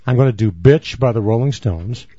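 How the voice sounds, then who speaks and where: A man's voice: mid-range voice, normal speed, warm tone, breathy edge, no echo, highs cut off. A man co-hosting a podcast, rambling through stories and repeating himself as he acts out scenes. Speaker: podcast co-host. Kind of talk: casual banter and storytelling.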